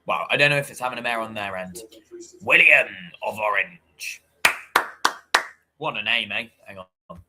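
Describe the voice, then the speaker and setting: A man's voice: lowish voice, fast, hardly any pauses, very noisy. A man hosting a football watchalong stream, chatting and calling the game live with wry asides. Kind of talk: live match commentary and chat. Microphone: streaming mic, voice only.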